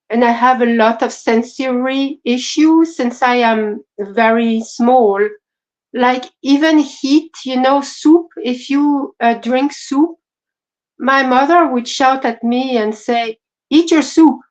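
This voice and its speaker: A woman co-hosts a livestream chat in a slow, earnest and measured way, stopping for fillers as she talks. Her voice sits a little high, and the stream audio is dull and lo-fi. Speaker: co-host.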